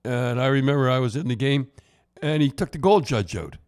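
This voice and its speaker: A man's voice: medium pitch, brisk, a little mellow. An older Canadian man chatting casually on a podcast, rambling through old stories and stumbling over repeated words. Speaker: podcast host, former hockey coach. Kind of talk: casual storytelling chat.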